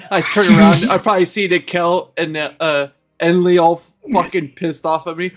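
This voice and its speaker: A man playing a tabletop game, giggly and animated, laughing and swearing between lines. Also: sits high, moderate pace, over music. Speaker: player. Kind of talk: casual tabletop chat.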